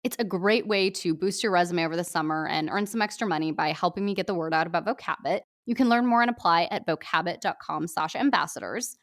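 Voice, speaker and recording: A woman podcast host reading a short story aloud in a lively, upbeat scripted narration. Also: lowish voice, fast, hardly any pauses.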